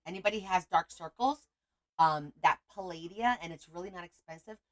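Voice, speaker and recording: A middle-aged woman with a lowish, slightly bright voice hosts a casual livestream, chatting in a rambling way and greeting viewers by name.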